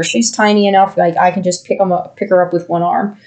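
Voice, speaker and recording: A man's voice: sits high, little pitch movement, a little fast. A man co-hosting a podcast, chatting casually and rambling affectionately. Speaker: podcast co-host. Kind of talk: casual chat.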